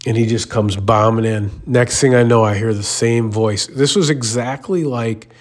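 A man's voice: mid-range voice, steady tone, moderate pace. A male radio host telling a rambling, self-mocking story in a casual way.

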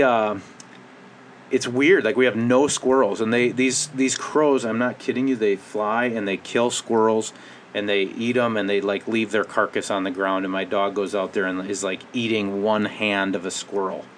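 Middle-aged male podcast host, low-pitched, wry rambling monologue, faint room hum. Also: fairly even intonation, moderate pace. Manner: rambling, wry, restless pace. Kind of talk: casual monologue.

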